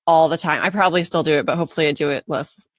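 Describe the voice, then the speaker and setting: A woman's voice: deep voice, racing, dry recording, studio quality. A woman from Southern California chatting as a podcast guest, laughing often and acting out little quotes. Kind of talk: casual podcast conversation.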